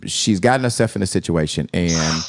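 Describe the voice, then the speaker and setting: A man hosting a podcast, trying to calm a heated argument, hesitant and repeating his words. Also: low voice, moderate pace. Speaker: podcast host.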